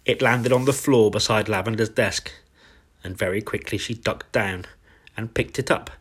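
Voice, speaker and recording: Husky man reading a bedtime story. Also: fairly low pitch. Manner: slow, warm and tender.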